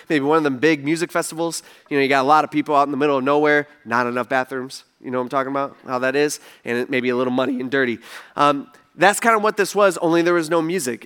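A young adult man preaching a casual sermon, retelling a story in a conversational, animated way. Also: on the high side. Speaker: pastor.

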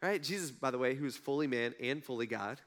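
A man's voice: mid-range voice, fast. A man giving a casual storytelling sermon, retelling stories in a conversational way and acting out the quotes. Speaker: preacher.

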